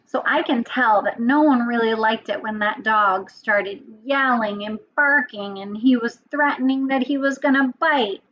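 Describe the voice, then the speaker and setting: A woman teacher telling a story to young children, animated and asking them questions. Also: on the high side, a little slow, hardly any pauses, dull audio, a little hiss or hum.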